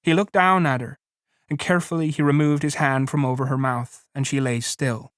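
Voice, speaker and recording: A man narrates a story in a measured, plain reading voice. His pitch sits in the middle range. The recording is dry, close to the mic, with no room sound. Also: steady tone, a bit bright, dry recording. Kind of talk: audiobook reading.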